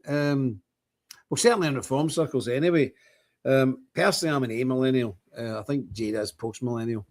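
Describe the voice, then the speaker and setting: A man's voice: mid-range voice, fairly quick, a little mellow. An older man hosts a casual livestream, chatting in a rambling way and greeting viewers by name. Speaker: livestream host. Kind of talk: casual livestream chat with scripture reading. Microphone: phone camera.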